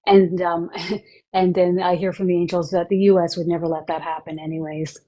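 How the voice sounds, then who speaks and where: A woman hosting a livestream about channeled spiritual messages, earnest and halting, with many fillers. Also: on the low side, little pitch movement, mellow, low-quality recording.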